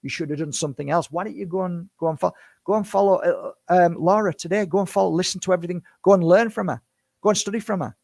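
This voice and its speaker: A man's voice: high-pitched, fairly even intonation, fast, vocal fry, darkish tone, no room sound, clean studio sound. A man in his fifties, a spiritual healer, speaking to camera in an impassioned, defensive monologue full of rhetorical questions. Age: 50s.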